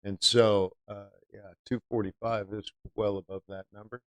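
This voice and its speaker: A man's voice: fairly low pitch, flat delivery, normal speed, no echo. A man hosting a live-stream trading lesson, chatty, often asking viewers rhetorical questions. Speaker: trading educator.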